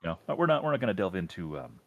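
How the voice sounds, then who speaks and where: A man's voice: low voice, big pitch swings, rapid-fire. A man hosting a casual livestream, interviewing guests in a rambling, chatty way. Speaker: host.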